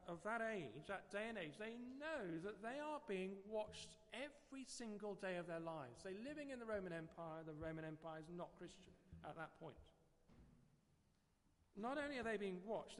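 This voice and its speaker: A middle-aged Englishman delivers a sermon in a loose, conversational way, doubling back on his words. His voice sits high for a man. The sound rings with the long reverb of a church. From England. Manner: conversational, digressive, repeats words. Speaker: preacher.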